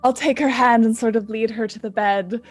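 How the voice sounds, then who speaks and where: A woman's voice: fairly high pitch, steady tone, moderate pace, soft background music. A woman playing a tabletop role-playing game, describing her character's actions with some hesitation. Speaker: player.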